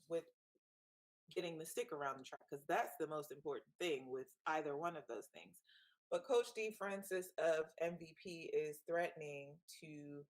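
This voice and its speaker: A woman co-hosting a casual live chat in an animated, gossipy way. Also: deep voice, poor audio. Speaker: co-host.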